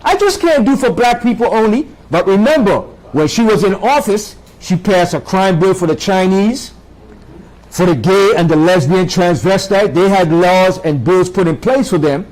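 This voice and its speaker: A man's voice: high voice, moderate pace, a little mellow, poor audio. A man preaching a sermon, emphatic, with dramatic swings and rhetorical questions to his listeners.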